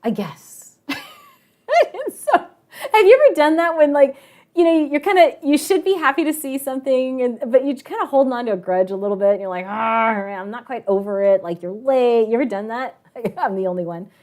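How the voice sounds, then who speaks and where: Woman teacher, higher voice, animated storyteller for an online class. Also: a little fast. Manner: chatty, animated storyteller with frequent laughter and asides. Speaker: math and science teacher.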